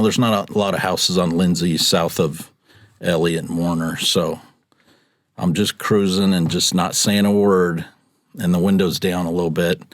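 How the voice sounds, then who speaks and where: A chatty man in his fifties with a fairly low voice tells stories in a casual, laughing way. He acts out what people said, and the sound is dry and close. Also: dry recording. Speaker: podcast guest, rideshare driver. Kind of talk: casual storytelling.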